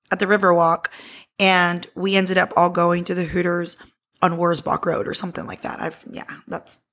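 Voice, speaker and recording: A woman in her thirties tells a personal story on her podcast, blunt and unfiltered, with plenty of swearing. Her voice sits at an ordinary middle pitch but carries a strong gravelly fry. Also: fairly bright tone. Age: 30s. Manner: candid and blunt, swears freely. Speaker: podcast host. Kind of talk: casual storytelling.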